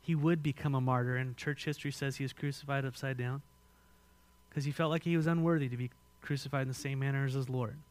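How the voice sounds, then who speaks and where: A man with an American accent preaching a sermon as pastor, swinging between loud emphatic lines and hushed ones and asking the congregation questions. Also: mid-range voice, fairly even intonation, quick pace. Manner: asks the congregation direct questions.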